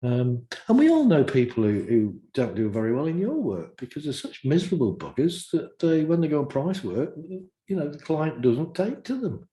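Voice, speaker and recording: A man, a guest practitioner, telling lively stories in casual chat and acting out the dialogue. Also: fairly high pitch, normal speed, hardly any pauses, reverberant. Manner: animated, acts out dialogue in stories.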